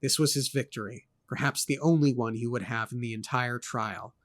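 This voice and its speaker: Dude reading a fantasy book out loud, steady voice, dry little jokes in between. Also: male voice, mid-range voice, moderate pace. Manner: steady narration broken by dry asides. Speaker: co-host reading a novel aloud. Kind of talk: reading aloud with commentary.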